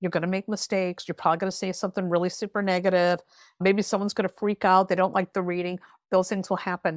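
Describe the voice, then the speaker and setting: A woman's voice: fairly low pitch, little pitch movement, quick pace, no echo, clean studio sound. A woman tarot reader talking bluntly and emphatically, giving frank advice in a podcast conversation. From rural area.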